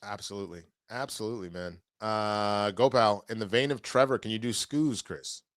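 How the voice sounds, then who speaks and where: A man's voice: lowish voice, normal speed, a bit bright, dry recording. A man hosting a casual show, reading viewer comments aloud in a laid-back way. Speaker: show host reading live chat. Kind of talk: casual chat.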